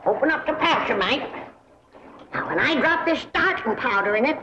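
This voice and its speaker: A woman's voice: high-pitched, lively intonation, normal speed, highs cut off. An actress playing a feisty old hillbilly grandmother, bossy and twangy, on a hissy 1960s TV soundtrack. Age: older. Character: feisty old hillbilly granny, charm maker.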